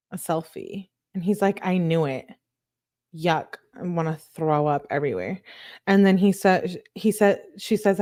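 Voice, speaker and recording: A woman's voice: mid-range voice, a little mellow. Casual woman commentator reading message logs aloud, dry asides, mid-range voice. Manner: casual, reacts with disgust and asides between messages. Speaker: true crime commentator.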